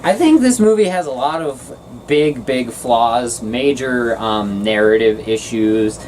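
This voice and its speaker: Woman host, casual film reviewer, deep voice with big swings, heard from a little distance. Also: slight background noise. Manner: animated, ranting, quick to get loud.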